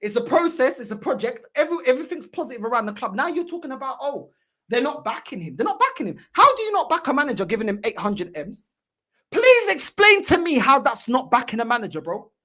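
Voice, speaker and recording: A woman's voice: high-pitched, very animated, fast talker, a bit bright. A woman hosting a fan channel, giving mocking, heated reaction commentary and repeating her points.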